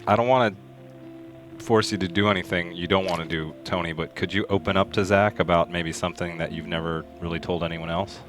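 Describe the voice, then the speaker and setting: A man's voice: deep voice, fairly even intonation, a little fast, a bit bright, faint music behind. A man hosting a comedy call-in show, coaxing and prompting the caller. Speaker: host. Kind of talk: comic improv call-in.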